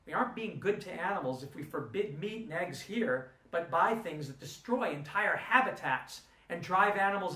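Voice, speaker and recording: A man's voice: fairly high pitch, normal speed, pushed and bright. Earnest male lecturer in an echoey room. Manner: earnest, argumentative, rhetorical questions. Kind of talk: recorded lecture with personal storytelling. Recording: roomy room, distant mic.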